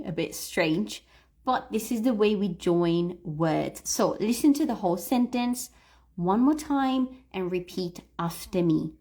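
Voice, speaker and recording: A woman leads an English pronunciation lesson on a livestream, patiently explaining words and reading them aloud for learners to repeat. Her mid-range voice sounds a little mellow.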